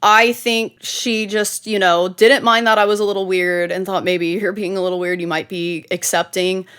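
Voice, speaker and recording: A woman's voice: mid-range voice, level tone, moderate pace, fairly bright tone, clean tone. A woman with a mid-range voice co-hosts a casual podcast. She tells a personal story, laughing often and swearing freely. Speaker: podcast co-host.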